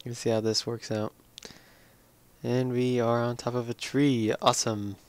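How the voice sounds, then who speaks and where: A tired young man slowly rambling through casual commentary on his own game. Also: medium pitch, level tone, no echo. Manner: slow, drowsy, rambling. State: tired, yawning. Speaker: let's play gamer.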